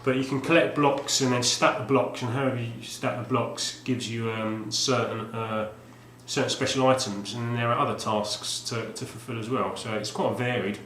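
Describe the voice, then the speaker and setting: A man chats casually on video, trailing off and restarting his sentences as he goes. His voice sits at a middling pitch. A roomy echo surrounds him, with a faint hum behind. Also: fairly even intonation, normal speed, few pauses, fairly bright tone. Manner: rambling, with many fillers and restarts. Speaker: retro game collector vlogger.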